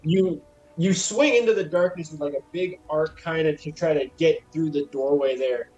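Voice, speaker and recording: A man's voice: on the high side, normal speed, darkish tone, poor audio. A man running a tabletop game as game master, describing scenes in a loose, casual way.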